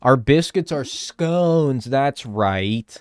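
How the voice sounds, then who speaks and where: Young American male gaming streamer; bouncy, expressive delivery, casual swearing, cheeky banter. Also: mid-range voice, very slow, soft background music. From United States. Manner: animated, swears casually, playful banter and mock arguing. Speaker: game streamer. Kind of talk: casual chat while gaming, answering chat.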